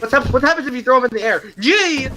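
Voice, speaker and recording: A woman giving casual gameplay commentary, excitable and giggly, laughing constantly as she plays. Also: fairly high pitch, racing, slight background noise. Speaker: gamer.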